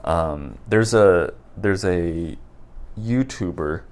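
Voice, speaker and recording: A man talking off the top of his head in an unedited video, rambling and halting with many restarts. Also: low-pitched, darkish tone. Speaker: book vlogger. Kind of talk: unscripted casual talk to camera. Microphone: raw unedited recording.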